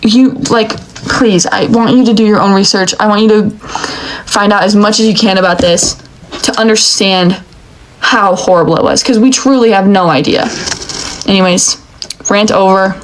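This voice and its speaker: A woman's voice: mid-range voice, normal speed, slight background noise, rough recording. A young woman giving an angry, emotional rant, swearing often. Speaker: commentator. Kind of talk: heated rant.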